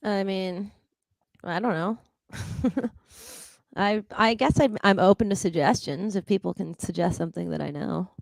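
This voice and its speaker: A woman's voice: medium pitch, moderate pace, vocal fry, long pauses, a little mellow, no echo. A woman co-hosting a casual online chat show, speaking offhandedly and laughing easily. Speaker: co-host.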